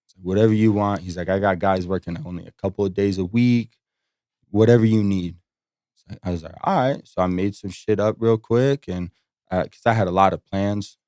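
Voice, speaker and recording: A man with a somewhat low voice chats on a podcast, rambling through stories laced with swearing. He acts out what others said as he goes. The sound is dry and close. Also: steady tone, fairly quick, a little mellow, no room sound. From Las Vegas. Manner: rambling storytelling, swears a lot, acts out quotes. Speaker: podcast guest, strip club host. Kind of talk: casual podcast chat.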